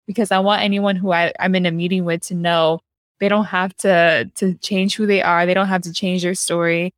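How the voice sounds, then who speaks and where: Emphatic, chatty young woman, lower voice. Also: flat delivery, normal speed, no room sound, studio quality. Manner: emphatic, chatty, calls her guest girl. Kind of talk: casual chat.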